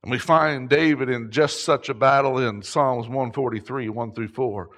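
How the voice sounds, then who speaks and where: A middle-aged man preaching a sermon, impassioned, rising to shouts at its peaks. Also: medium pitch, steady tone, moderate pace. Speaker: pastor.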